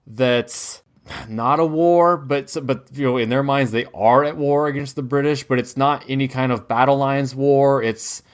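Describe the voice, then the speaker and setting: A man's voice: mid-range voice, fairly even intonation, measured pace. A man from the United States, co-hosting a podcast and talking loosely about a film, with lots of fillers and restarts. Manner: rambling, many fillers and restarts. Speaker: podcast co-host. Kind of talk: casual film discussion.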